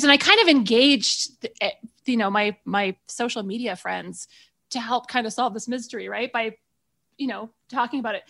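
A woman's voice: fairly high pitch, sharp tone. A woman, a chef on a talk show, chatting casually and animatedly, laughing often. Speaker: guest chef. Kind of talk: casual radio chat.

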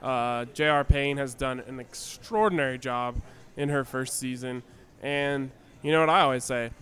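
Smooth-voiced joking man on a podcast. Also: medium pitch, moderate pace, fairly bright tone. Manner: dry, joking. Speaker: podcast co-host. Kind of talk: casual sports podcast chat.

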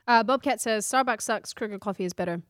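A woman's voice: medium pitch, fast, no room sound, clean studio sound. A woman with an Australian accent co-hosting a podcast, casually reading out viewer comments. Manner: reads comments aloud, easygoing. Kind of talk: casual live-stream chat.

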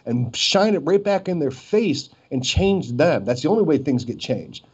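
A man's voice: on the high side, very animated, normal speed, husky. A man co-hosting a podcast, making his point emphatically in casual chat. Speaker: co-host. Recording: dull lo-fi podcast audio.

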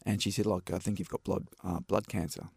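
Gravelly laid-back Australian man. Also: low-pitched, steady tone, a little fast, no echo. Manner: laid-back, rambling anecdotes with many fillers. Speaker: stuntman guest. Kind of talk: casual storytelling interview.

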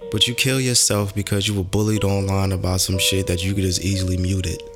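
A man in casual podcast chat, animated and rambling, with lots of cursing. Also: deep voice, a little fast, music in the background.

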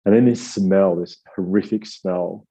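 Deep, dark-voiced man telling a story. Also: unhurried, husky. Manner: rambling, self-deprecating, animated quoting. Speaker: author guest. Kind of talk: casual storytelling.

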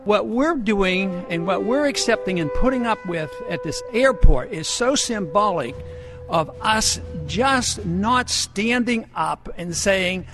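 A politician makes an indignant, emphatic speech. His voice is notably high for a man. Music runs under the played clip.

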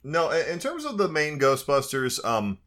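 A man's voice: fairly high pitch, huge pitch swings, normal speed, a bit bright. A man co-hosting a podcast, chatting casually about a film in an easygoing way with hesitant starts. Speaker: podcast co-host. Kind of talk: casual film review chat.

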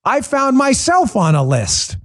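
A man's voice: very high-pitched, huge pitch swings, a little slow, a bit bright. A man hosting a political talk show, speaking in an impassioned, emphatic way and repeating words for stress. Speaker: podcast host.

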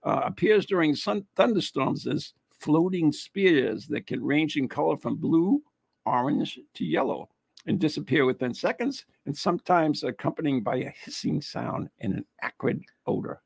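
A man from the United States hosting a casual chat, reading an article aloud haltingly with asides and laughter. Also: fairly high pitch, big pitch swings, gravelly, husky, dry recording. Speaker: host.

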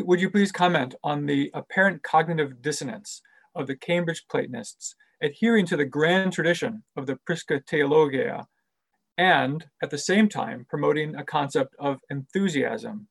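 A man's voice: fairly high pitch, moderate pace, vocal fry, breathy edge. A man moderating a webinar on a video call, reading audience questions and stumbling over his words. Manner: stumbling, self-correcting.

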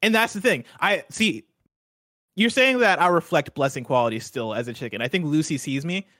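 A man co-hosting a gaming podcast, arguing his side in a playful, quick way. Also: fairly high pitch, lively intonation, pushed and bright, no room sound, studio quality. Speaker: podcast co-host. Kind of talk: casual gaming podcast banter.

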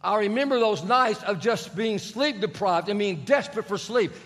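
A man's voice: sits high, normal speed, fairly bright tone. A middle-aged man preaching a sermon, telling family stories with humor and acting out the voices of others. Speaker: pastor. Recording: long reverb of a large hall.

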